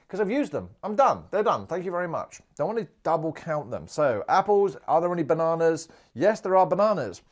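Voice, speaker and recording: Male maths teacher, animated pitch, playful and talkative, walking through worked examples. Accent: Australian. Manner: chatty and playful, thinks out loud while writing. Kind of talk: video maths lesson.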